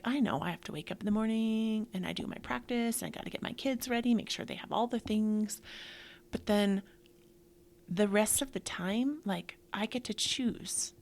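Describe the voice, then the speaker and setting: Whispery mom host with gravelly edge. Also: female voice, mid-range voice. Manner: breathy, drifting into soft whispers, many "like" fillers. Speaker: yoga podcast host. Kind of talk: casual motivational talk.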